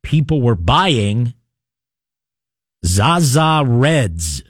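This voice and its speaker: A man's voice: mid-range voice, big pitch swings, extremely slow, husky, no echo, clean studio sound. A man hosting a talk radio show, reading a news story and taking texts with wry, chatty asides. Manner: conversational, wry asides, frequent uh fillers. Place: radio studio. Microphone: studio microphone.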